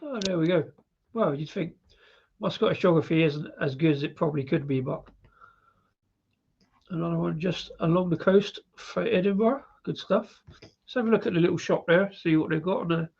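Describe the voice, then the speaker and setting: Husky-voiced British man reviewing beer. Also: a little high, normal speed, darkish tone, dull audio. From Britain. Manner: chatty, rambling, laughs often. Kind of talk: live-stream beer review chat.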